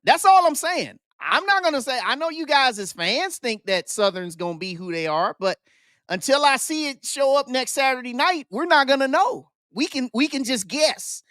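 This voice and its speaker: A man's voice: high-pitched, pushed and bright, dry recording. Male sports livestream host: emphatic, chatty, repeats himself, close dry mic. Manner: emphatic and conversational, repeats points for stress; addresses viewers directly. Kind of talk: live-streamed sports commentary, reading the chat.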